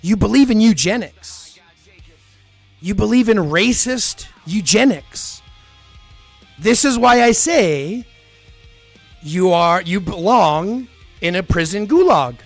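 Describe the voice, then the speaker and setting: A man's voice: sits high, lively intonation, takes it slowly, creaky, pauses often, no echo, faint music behind. A man live-streaming who answers viewer comments in a blunt, profane, argumentative way.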